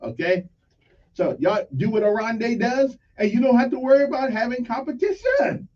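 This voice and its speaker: Man, morning radio host, folksy rambling shout-outs, high voice, dull lo-fi sound a bit off the mic. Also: animated, normal speed, far from the mic. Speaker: radio talk show host. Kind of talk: casual morning radio chat.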